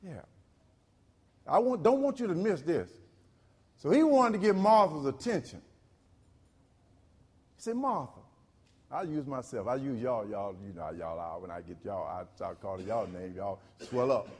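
A male pastor, preaching a sermon in call-and-response style. He repeats phrases and swings from loud to low. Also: lively intonation, moderate pace, pauses often, breathy edge, long reverb tail.

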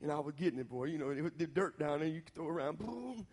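A Southern American preacher with a fairly high voice tells a folksy story in his sermon and keeps checking in with his listeners. His delivery swells into shouted points. The sound carries a long hall reverb. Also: lively intonation, fast, slightly rough. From Southern United States. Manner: folksy and talks straight to the audience, building to shouts.

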